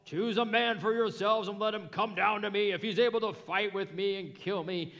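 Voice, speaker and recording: A man voicing a boastful giant warrior who taunts his enemies loudly, in a British accent. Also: high-pitched, steady tone, normal speed, gravelly, pitched above the performer's own voice. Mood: taunting. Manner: loud mocking challenge. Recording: long reverb of a hall.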